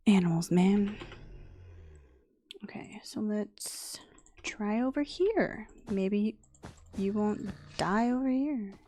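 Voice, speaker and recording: A woman's voice: medium pitch, lively intonation, takes it slowly, long pauses, warm tone, no room sound. A young adult woman streaming a game, chatting casually, muttering to herself and scolding the game's animals. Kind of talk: casual gameplay chat.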